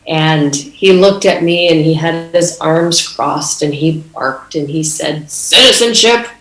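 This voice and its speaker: A woman's voice: sits low, fairly even intonation, slow pace, roomy sound, poor audio. A middle-aged woman from Canada telling a story in an earnest conference speech, with fillers and restarts. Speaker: conference speaker.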